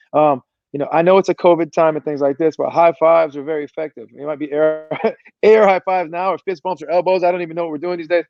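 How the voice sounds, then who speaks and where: Fired-up motivational coach, dull video-call sound. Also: male voice, on the high side, a little mellow, no echo. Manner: fired-up, motivational, preachy delivery. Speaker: performance coach, guest. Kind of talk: energetic podcast interview talk.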